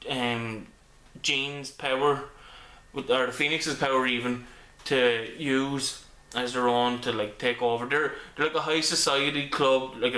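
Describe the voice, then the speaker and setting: Recorded on a camera mic in an echoey home room, a man rambles through a comic book review, peppering it with ums and frequently restarting sentences. His mid-range voice sounds bright and forward.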